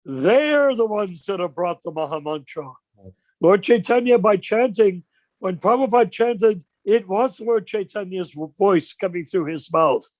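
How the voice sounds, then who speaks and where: Animated older man, high dry voice. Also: measured pace, no echo. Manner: animated storyteller, rhetorical questions. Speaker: discussion leader. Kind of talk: informal religious discussion on a video call. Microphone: video call.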